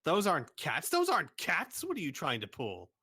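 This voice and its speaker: A man's voice: fairly high pitch, big pitch swings, slow, bright, forceful tone, breathy edge, no echo, clean studio sound, heavily acted. Man putting on a muttering eccentric shopkeeper. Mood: deadpan. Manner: mutters, repeats himself, drops to whispers. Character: eccentric male shopkeeper, fussy and scatterbrained.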